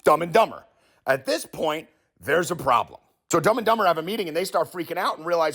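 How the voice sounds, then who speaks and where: A man's voice: on the high side, a little fast. A man hosting a sports betting show, telling a comic conspiracy story with heavy swearing and acted-out quotes. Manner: profane, animated storyteller acting out quotes.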